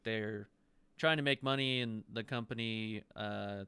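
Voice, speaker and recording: A young man co-hosting a casual podcast chat, speaking in a calm, measured, slightly hesitant way. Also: lowish voice, smooth, no room sound. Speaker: podcast co-host.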